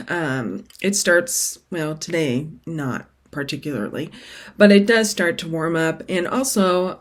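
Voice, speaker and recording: A middle-aged woman hosting her cross-stitch vlog in casual, rambling chat that keeps drifting off topic. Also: lowish voice. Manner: rambling, chatty, sidetracked.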